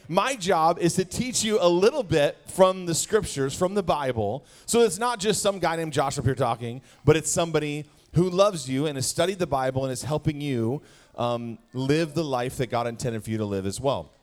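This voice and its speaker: A man's voice: a little high, moderate pace. A man in his forties from Wisconsin, giving a playful sermon as guest speaker and joking straight with the crowd in a church hall. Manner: jokey, animated, talks straight to the crowd.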